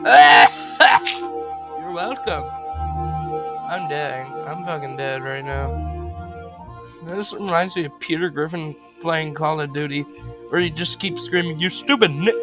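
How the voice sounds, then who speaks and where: A young man giving casual, profane commentary while playing a video game, with loud outbursts. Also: on the high side. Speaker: gamer. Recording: loud game music behind.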